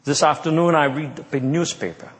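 A man's voice: on the high side, fairly even intonation, moderate pace, natural voice. A man voicing a fervent male preacher with an Argentinian Spanish accent. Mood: earnest. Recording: reverberant hall.

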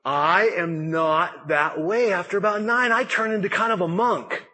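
A middle-aged pastor speaks in a casual, conversational sermon, his voice sitting high for a man. There is a husky edge to his tone. He mixes self-deprecating asides into his teaching, with animated turns of phrase. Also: moderate pace, hardly any pauses.

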